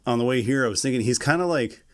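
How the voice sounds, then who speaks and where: A man co-hosting a podcast, chatting casually in a relaxed, rambling way and laughing often. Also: medium pitch, quick pace. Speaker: podcast co-host. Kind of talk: casual chat.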